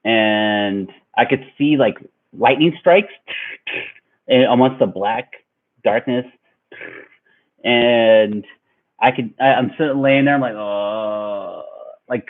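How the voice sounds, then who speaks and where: A young man casually telling a rambling story to his viewers, animated and laughing along. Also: mid-range voice, unhurried, long pauses. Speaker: vlogger. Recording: tinny phone-like audio.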